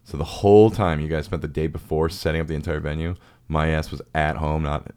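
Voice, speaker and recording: A young man with a very deep, low voice chats loosely on a podcast. He rambles through silly stories and slips into quick acted voices for the people in them. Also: fairly even intonation, darkish tone, clear, resonant tone. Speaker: podcast host. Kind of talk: casual chat.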